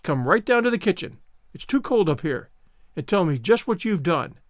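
A sharp, stern older woman who scolds briskly, put on by a man reading aloud. Her voice lifts higher and louder than the reader's own, with a dry, close sound. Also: big pitch swings, no room sound. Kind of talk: audiobook character reading.

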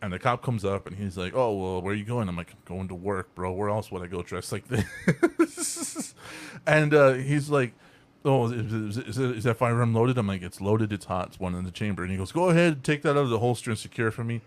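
A young man hosting a casual podcast, telling an animated, profane story and acting out the people in it. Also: fairly low pitch, a little fast. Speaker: podcast host.

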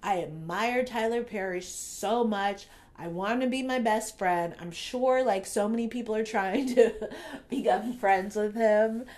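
A woman's voice: medium pitch, measured pace, darkish tone. A young adult woman hosting a podcast, giving a blunt, casual stream-of-consciousness review full of fillers and laughter. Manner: blunt, chatty, swears freely; filler-heavy with frequent laughs. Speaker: podcast host.

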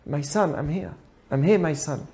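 A man voicing a gentle, patient older sage who speaks calmly and kindly, like a father to his son. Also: a little high, moderate pace, pitched below the performer's own voice, close to an everyday voice. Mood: calm, fatherly. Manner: soft-spoken, calm, fatherly.

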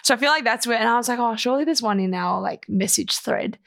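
A young woman chats with a best friend, bubbly and quick to giggle. Her voice sits fairly high with a gravelly fry running through it. She tells stories in loose, filler-heavy casual talk. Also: fairly bright tone. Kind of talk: casual chat.

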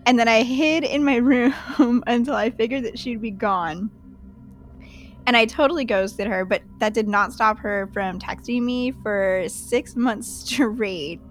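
A woman's voice: fairly high pitch, unhurried, soft background music. Chatty young woman telling a story. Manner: chatty, full of "like" and "you know"; animated, laughs while telling. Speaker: listener telling a dating story. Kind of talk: casual storytelling.

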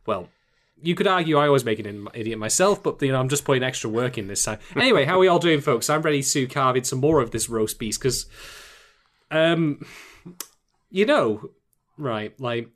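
A man co-hosting a podcast, rambling and self-mocking, a bit tipsy and animated. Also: mid-range voice, normal speed. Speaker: podcast co-host. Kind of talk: casual podcast chat.

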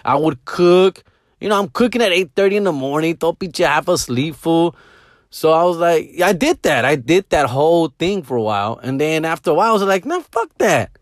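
A middle-aged man telling casual stories, slangy and animated, mixing in Spanish words and dropping to hushed mumbles. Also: fairly high pitch, fairly quick, no room sound, studio quality. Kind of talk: casual storytelling monologue.

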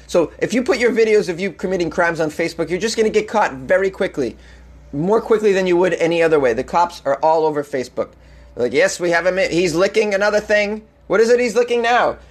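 A man's voice: fairly high pitch, animated, a little fast. A man hosting a comedic news podcast, reading odd stories aloud and mocking them with sarcastic asides and frequent laughs. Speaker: podcast host.

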